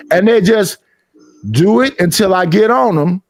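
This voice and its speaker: A man hosts a laid-back podcast, spinning lively stories, mimicking others in a louder voice, and swearing liberally. His high-pitched voice is expressive and moves at a moderate pace, captured in studio quality with no room sound.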